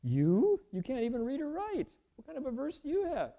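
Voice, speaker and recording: A man's voice: very high voice, wildly swooping pitch, a little fast, phone-quality sound, voice pushed up, heavily acted. A man voicing a group of scornful monks who mock an illiterate newcomer.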